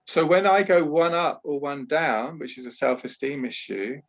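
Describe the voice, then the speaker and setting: A man's voice: fairly high pitch, moderate pace, lo-fi sound. A man working as a trauma therapist and talking earnestly in a podcast interview over a video call, explaining at length with frequent restarts. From Britain.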